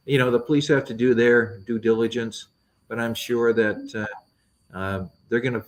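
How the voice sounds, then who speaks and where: A middle-aged man, a politician guest, answering interview questions in an earnest, halting way with many fillers and restarts. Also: on the low side, low-quality recording.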